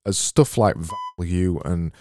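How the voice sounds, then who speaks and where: A man's voice: low voice, a little slow, dark tone. A man hosting a casual solo podcast, reading out listener messages with dry, self-mocking humour. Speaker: podcast host.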